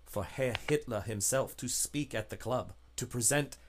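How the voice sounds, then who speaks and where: A man voicing a wary male spy contact, speaking low and urgent in a tabletop game. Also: normal speed, slight background noise, lightly acted. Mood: hushed urgent.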